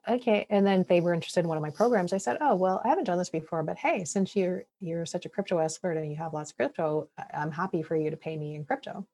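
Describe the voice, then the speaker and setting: A middle-aged woman, a guest on a podcast, chatting casually and telling stories about her media work with animated energy and frequent restarts. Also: sits low, gravelly. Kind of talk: casual interview chat, storytelling.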